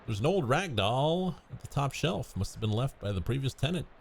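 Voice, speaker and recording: Man, game streamer, casual commentary, reads text aloud, stumbles and corrects himself, gravelly voice, faint background ambience. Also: mid-range voice, sing-song, normal speed, a little hiss or hum.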